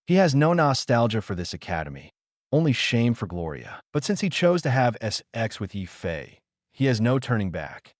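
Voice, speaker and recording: A man reading an audiobook in a steady scripted narration, lifting his voice slightly for quoted lines. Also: medium pitch, no echo, clean studio sound.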